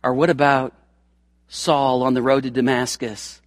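A man's voice: mid-range voice, measured pace, no echo, studio quality. A man preaching a sermon in an emphatic, folksy way, acting out the scripture quotes as he goes.

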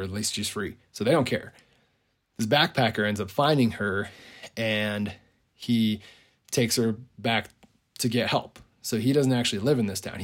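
A man casually retelling a movie idea on a podcast, rambling with lots of "like" and frequent chuckles. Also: lowish voice. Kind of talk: casual storytelling.

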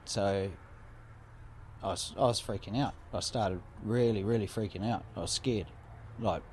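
Man, low voice, casual storyteller, vivid, repetitive, sweary. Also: unhurried, a little mellow, a little hiss or hum. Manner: vivid, swearing, repeats phrases for effect. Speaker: guest telling a story.

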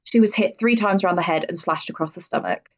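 A woman podcast host with a lowish voice talks fast, recounting true-crime stories bluntly and casually, swearing freely. The audio is dull and lo-fi.

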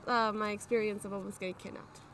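A young woman co-hosting a podcast, telling a story in a hesitant, low-key way full of fillers, recorded outdoors at night. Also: flat delivery, fast, a bit bright, a little hiss or hum. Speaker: podcast co-host. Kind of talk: casual storytelling chat. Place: outdoors at an abandoned aqueduct at night.

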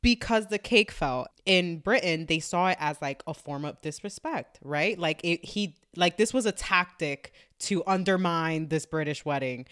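A woman with a somewhat low voice co-hosts a podcast in casual chat. She recaps a story in a chatty way and swears freely. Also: lively intonation, moderate pace, hardly any pauses, a bit bright, clean tone, no room sound, studio quality. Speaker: podcast co-host.

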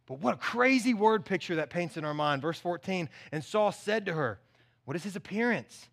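Bright, high-voiced animated male preacher. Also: moderate pace, gravelly. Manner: animated, conversational preaching with asides to the church. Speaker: pastor. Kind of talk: sermon.

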